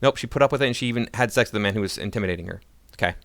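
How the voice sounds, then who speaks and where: A man's voice: fairly low pitch, very fast, fairly bright tone, dry recording. A man ranting in sarcastic, mocking political commentary.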